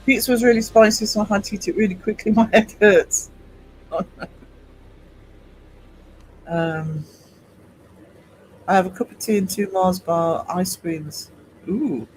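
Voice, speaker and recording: A man's voice: high voice, a little slow, long pauses, a little hiss or hum, rough recording. A man, an artist chatting casually and rambling to his stream viewers as he works, laughing easily.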